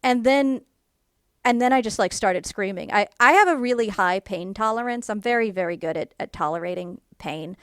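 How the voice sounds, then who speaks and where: A woman casually telling a personal story to camera in a rambling way, full of fillers, and animated when she quotes people. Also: mid-range voice, normal speed, clear, resonant tone, dry recording, studio quality. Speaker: YouTuber.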